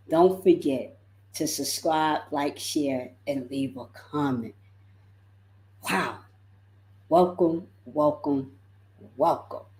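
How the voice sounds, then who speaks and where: A woman life coach giving a motivational livestream talk, expressive and repeating words for emphasis. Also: deep voice, reverberant.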